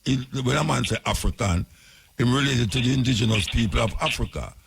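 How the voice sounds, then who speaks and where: A man's voice: mid-range voice, fast, creaky, a little hiss or hum. A Jamaican man hosting a call-in radio show, blunt and impatient, pushing the caller to get to the point.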